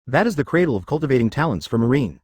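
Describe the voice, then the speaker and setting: A man's voice: mid-range voice, big pitch swings, racing, husky, no room sound. A man voicing an arrogant, domineering young man who talks impatiently and dismissively in a plain reading voice.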